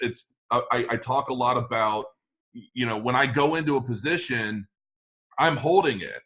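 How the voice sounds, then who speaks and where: A man's voice: medium pitch, a bit bright. A man talking as a guest in an interview, rambling with many restarts and fillers. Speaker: crypto channel guest. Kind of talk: conversational interview.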